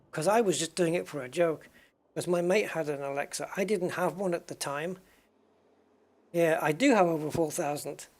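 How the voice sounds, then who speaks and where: A man with a gravelly, slightly husky voice that sits a little high, rambling through chat messages while he plays. He wanders off on tangents and teases himself as he answers viewers at his desk. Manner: rambling and self-mocking, reads and answers chat. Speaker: gaming streamer. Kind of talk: casual live-stream chat.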